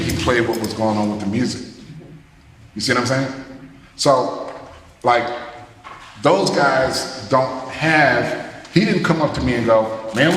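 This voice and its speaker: A man, a jazz musician, talking to students in a loose, animated way, scatting rhythms as he tells stories. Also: sits high. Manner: animated, scats rhythms, loose casual phrasing. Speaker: jazz musician giving a masterclass. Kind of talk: storytelling talk to students. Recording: echoey hall with long reverb, faint noise.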